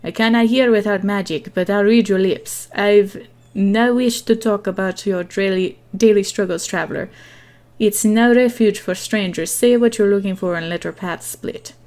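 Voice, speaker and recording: A woman's voice: medium pitch, moderate pace, a little mellow, lightly acted. A woman voicing a stern, cold old male forest elder with a put-on thick accent that is not convincing. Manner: cold, firm, clipped.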